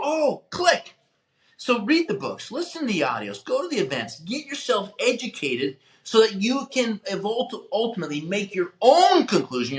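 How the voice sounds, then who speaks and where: A man hosting a motivational podcast, talking emphatically like a coach and acting out little scenes. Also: sits high. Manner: emphatic, animated coaching, acts out quotes. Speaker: podcast host. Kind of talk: motivational talk.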